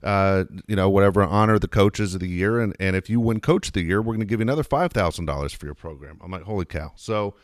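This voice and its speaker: A man hosting a talk show, telling a profane, self-mocking story in a lively, animated way. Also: low voice, fast talker, hardly any pauses, no echo, studio quality. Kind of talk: casual anecdote storytelling.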